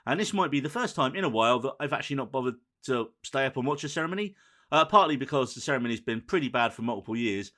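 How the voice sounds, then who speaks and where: A man hosting a film and TV podcast in casual chat, brisk and teasing as he runs through the rundown. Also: mid-range voice, expressive, sharp tone. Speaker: podcast host.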